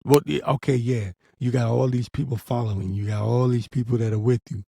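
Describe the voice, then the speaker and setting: A man's voice: mid-range voice, steady tone, a little fast, gravelly, warm tone, husky. A man giving a blunt, profane, urgent warning in a preaching commentary vlog, with frequent restarts. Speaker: religious commentator.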